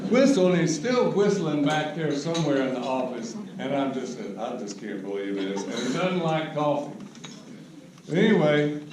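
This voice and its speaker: An older man giving a humorous storytelling speech at a roast, with wry, unhurried comic timing. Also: fairly high pitch. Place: large banquet hall. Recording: echoey hall recorded from a distance with background noise.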